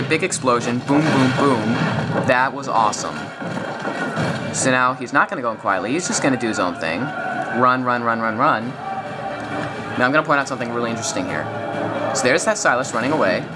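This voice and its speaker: A young man giving casual, excited gameplay commentary, rambling and correcting himself as he goes. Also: medium pitch, slight background noise. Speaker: gaming video commentator.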